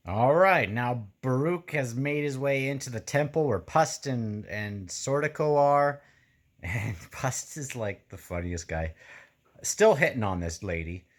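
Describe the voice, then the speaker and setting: A man casually reacting to a book he is reading, rambling and hesitant with many fillers. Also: mid-range voice.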